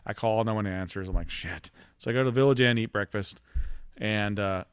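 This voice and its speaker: A man co-hosting a casual podcast, telling road stories in an animated way and laughing through them. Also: lowish voice, brisk, smooth, no echo, clean studio sound. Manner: animated storyteller, laughs through his tales. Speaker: podcast co-host. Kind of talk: casual chat.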